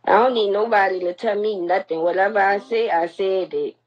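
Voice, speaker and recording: A woman's voice: medium pitch, brisk. A young woman on a live stream, bluntly and confrontationally scolding the people watching. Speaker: livestreamer. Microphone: phone. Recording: lo-fi phone livestream audio.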